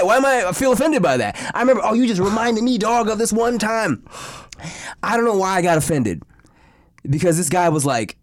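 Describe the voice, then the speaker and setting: A man telling a story on a casual podcast. His pitch swings widely as he gets caught up in it, and he swears freely and breaks into laughter between lines. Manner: animated, profane, laughing storyteller. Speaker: podcast co-host.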